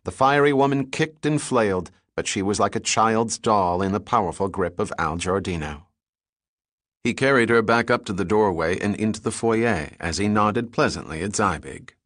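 A man reading an adventure novel aloud in a steady storytelling delivery. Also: fairly low pitch, moderate pace, no echo, clean studio sound. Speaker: audiobook narrator. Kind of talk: scripted narration.

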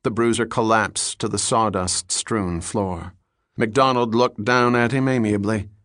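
A man narrating a novel in a steady, descriptive storytelling manner. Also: on the low side, a little slow, dry recording, studio quality. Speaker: audiobook narrator.

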